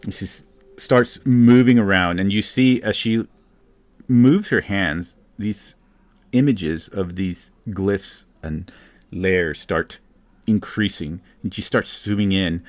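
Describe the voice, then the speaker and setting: A man's voice: fairly low pitch, slow, no echo. A man narrating a tabletop game as game master, describing scenes loosely and with frequent fillers.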